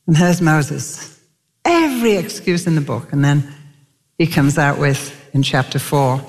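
A woman's voice: low voice, sing-song, a little slow. A woman preacher telling stories in a sermon, emphatic, with sudden lifts in her voice. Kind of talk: sermon storytelling. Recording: long reverb of a large hall.

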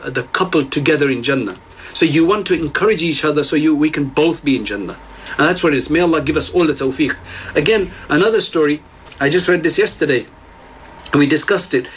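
A man's voice: fairly high pitch, slight background noise, low-quality recording. Earnest man retelling stories in a lesson. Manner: earnest retelling with frequent restarts; addresses listeners directly. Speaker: religious teacher. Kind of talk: storytelling religious lesson.

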